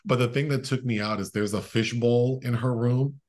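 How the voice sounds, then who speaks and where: A podcast co-host with a medium-pitched, darkish voice talks at a moderate pace with fairly even intonation. He chats casually about a film, joking and laughing often and using lots of fillers.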